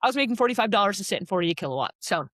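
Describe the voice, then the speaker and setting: A woman's voice: mid-range voice, sing-song, fairly bright tone, dry recording. Chatty woman with a dry close sound. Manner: chatty, frequent "like" fillers, quick asides. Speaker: podcast guest, sales rep. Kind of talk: casual storytelling.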